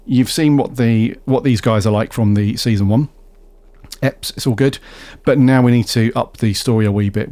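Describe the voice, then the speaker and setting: A man hosting a casual podcast, relaxed and steering the talk along. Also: mid-range voice. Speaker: podcast host. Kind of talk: casual chat.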